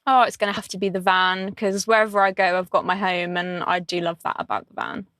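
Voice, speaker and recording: A woman answering interview questions, self-deprecating and quick to giggle. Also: medium pitch, little pitch movement, fairly bright tone, no echo. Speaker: interview guest, artist.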